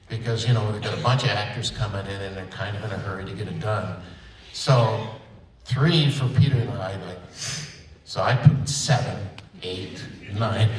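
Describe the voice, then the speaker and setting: An older man, a voice actor, rambles playfully through self-deprecating stories on a panel in a convention auditorium. His voice is lowish, and the echoey, distant-mic recording has a little hiss or hum.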